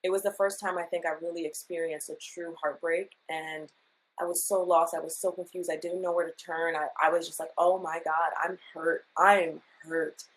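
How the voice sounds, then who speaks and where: Appearing as a podcast guest in a candid, casual chat, a woman tells a personal story emotionally and confessionally, quoting and acting out her past self. Her lowish voice is brisk and flat, and the recording quality is poor.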